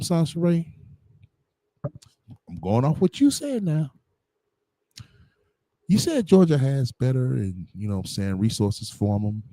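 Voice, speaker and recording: A man's voice: mid-range voice, mellow, no echo. A man giving blunt, profane livestream commentary, heavy on slang and fillers. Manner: blunt, combative, heavy on slang and "you know what I'm saying".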